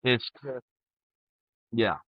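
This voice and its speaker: A man's voice: mid-range voice, drawn-out words, no echo, lo-fi sound. A retired Army sergeant, a man in his forties, telling his service stories bluntly and with plenty of swearing in a candid interview. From United States. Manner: blunt, profane, storytelling with animated quoted outbursts. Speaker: guest, retired Army sergeant first class.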